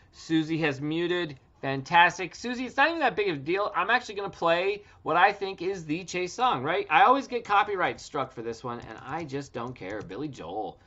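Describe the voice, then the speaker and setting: Guy in his 30s chatting on a home stream, swears a lot, bouncy lively voice, bright and kinda muffled. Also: on the high side. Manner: loose, profane, joking. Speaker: livestream host. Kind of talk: casual livestream chat. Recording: dull lo-fi stream audio.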